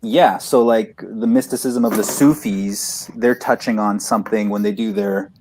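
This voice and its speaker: A man's voice: on the low side, fairly even intonation, normal speed, a little mellow, slight background noise. Thoughtful man explaining ideas. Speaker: podcast guest. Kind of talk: casual chat, reading aloud.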